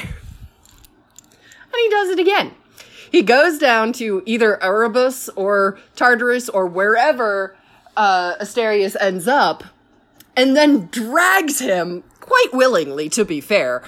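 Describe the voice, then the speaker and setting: Woman telling a story casually; slow, rambling, lots of fillers and self-corrections. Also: fairly high pitch, very animated, fairly bright tone.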